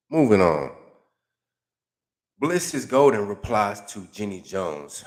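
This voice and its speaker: Here a YouTube commentator, his voice on the lower side and his pace slightly slow, makes fun of the comments he reads, swearing casually and leaning on slang with lively sarcasm.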